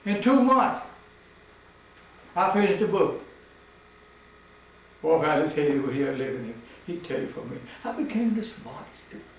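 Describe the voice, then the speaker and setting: An older man tells stories in a fervent, preacher-like way as a museum tour guide. His voice is high and gravelly. He is recorded from a distance in an echoing indoor room. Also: very animated, moderate pace, pauses often, lo-fi sound. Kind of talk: oral storytelling. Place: old house museum, indoors.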